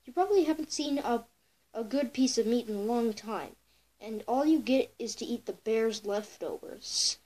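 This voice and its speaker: A woman's voice: a little high, expressive, normal speed, darkish tone. A girl voicing a crafty, envious female fox who talks in a coaxing, mock-sympathetic way.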